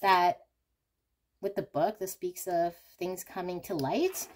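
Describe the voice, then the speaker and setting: Woman card reader, lower register, casual candid chat, faint noise behind. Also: slow, darkish tone. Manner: candid, chatty, thinks aloud with frequent "like" and "um". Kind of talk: casual pick-a-card reading.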